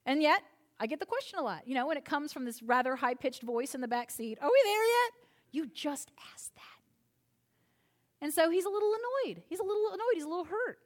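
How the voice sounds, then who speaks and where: A woman preaches a sermon in an easy, conversational manner, often turning to the listeners with asides. Her voice sits a little high for a woman. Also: animated, fast.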